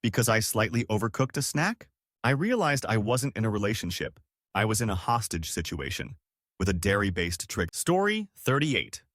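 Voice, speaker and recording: A man's voice: on the low side, sing-song, moderate pace, fairly bright tone, no room sound, clean studio sound. A man giving scripted narration of reader-submitted stories in a wry storytelling manner.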